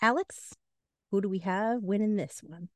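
A woman's voice: mid-range voice, moderate pace, dry recording, studio quality. A woman co-hosting a book podcast in casual chat, playfully announcing awards. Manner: playful, lively, announcer-style award presenting. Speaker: podcast co-host.

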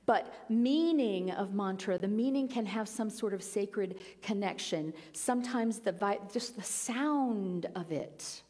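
A woman's voice: mid-range voice, unhurried, few pauses, warm tone, big-room sound. A woman giving an earnest, conversational spiritual talk with playful asides. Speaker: spiritual teacher. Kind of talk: sermon-style talk.

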